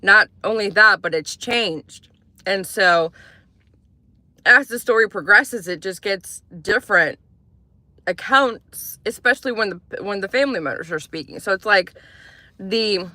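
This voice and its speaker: Woman rambling on a live stream from her car, bright sharp voice, dry close sound. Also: medium pitch, animated, a little slow, no echo. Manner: rambling, chatty, reads out viewer comments. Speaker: livestream host. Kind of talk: casual livestream chat.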